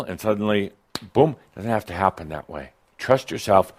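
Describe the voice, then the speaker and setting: Man with a lowish voice, channeled spiritual talk, teasing, laughs at his own jokes, restarts sentences. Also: moderate pace. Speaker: spiritual teacher addressing a live audience.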